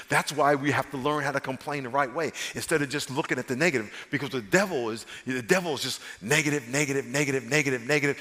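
A man, a pastor, preaching an animated sermon and calling the congregation to repeat phrases back. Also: a little high, a little fast, in a large hall. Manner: animated preaching with call-and-response.

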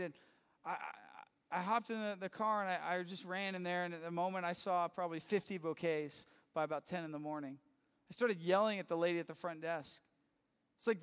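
A man, a youth pastor, telling a personal story in a conversational, halting way, often restarting and acting out the quoted dialogue. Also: sits high, fairly bright tone, smooth. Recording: reverberant hall.

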